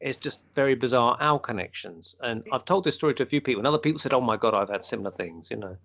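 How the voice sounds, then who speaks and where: A man's voice: medium pitch, fast, creaky. A man co-hosting a podcast, telling a long personal story in casual chat and acting out the voices of the people in it. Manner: animated storyteller, acts out quoted speech. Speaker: podcast co-host.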